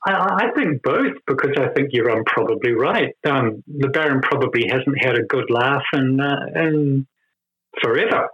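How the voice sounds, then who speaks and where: A man discussing a film in casual conversation, thoughtful and quick to laugh. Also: medium pitch, slightly rough. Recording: dull lo-fi sound.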